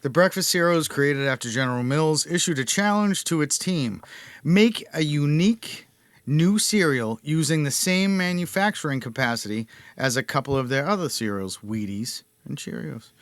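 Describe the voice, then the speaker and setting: A man's voice: fairly high pitch, expressive, moderate pace, fairly bright tone, dry recording. A man hosting a casual podcast, reading notes aloud and laughing at his own jokes. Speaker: podcast host.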